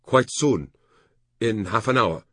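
A man's voice: lowish voice, lively intonation, slow, fairly bright tone, no room sound, clean studio sound, pitched above the performer's own voice, full character voice. A man voicing a fretful male trade official who talks in clipped, formal phrases.

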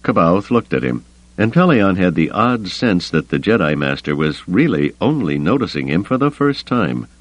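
Deep-voiced male audiobook narrator. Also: very animated, moderate pace, dry recording, low-quality recording. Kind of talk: scripted narration.

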